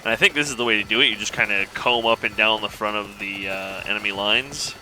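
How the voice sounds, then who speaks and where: A man casually commenting on his own gameplay, thinking aloud in a relaxed, rambling way. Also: lowish voice, fast talker, a little hiss or hum, low-quality recording. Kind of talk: casual let's-play commentary.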